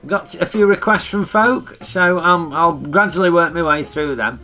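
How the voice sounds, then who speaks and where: A man's voice: on the high side, normal speed, bright, forceful tone, soft background music. A middle-aged man with a Northern English accent giving blunt, grumbling film reviews in a comic character vlog.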